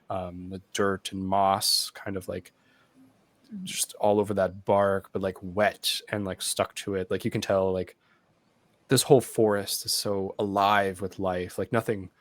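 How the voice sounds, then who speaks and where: A man's voice: deep voice, no room sound. A man narrating as game master of a tabletop game, rambling with many fillers. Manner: rambling, full of "like" and "um".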